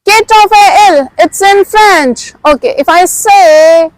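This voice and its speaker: A woman teaches vocabulary, drilling each word several times and praising the learner. Her voice sits very high, and she speaks at an unhurried, very slow pace. The recording is dry and close. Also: no room sound, low-quality recording. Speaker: language teacher. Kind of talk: slow, repetitive language lesson.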